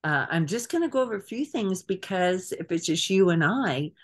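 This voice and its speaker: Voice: mid-range voice, animated, normal speed. A trip organizer on a video call giving a casual meeting briefing, chatty and hesitant with frequent fillers.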